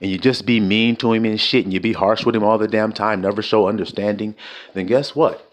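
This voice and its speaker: Low-voiced blunt, profane male preacher. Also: steady tone, fairly quick. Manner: blunt and profane, firing rhetorical questions at listeners. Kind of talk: informal sermon.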